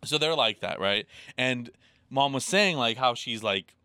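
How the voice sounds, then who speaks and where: A man in his thirties talking on a podcast with a bright, clear voice recorded dry and close. He rambles through a story with lots of "like"s and casual swearing. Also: medium pitch, animated, dry recording. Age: 30s. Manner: rambling, profane, fast storytelling with many "like"s. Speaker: podcast co-host. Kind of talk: casual chat.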